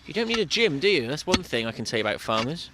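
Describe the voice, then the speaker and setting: Man, radio presenter, joking, handheld mic, outdoors, clear background noise, slightly high pitch. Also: big pitch swings, racing. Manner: joking, teasing questions. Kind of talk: casual interview chat. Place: outdoors in a farm field. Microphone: handheld microphone.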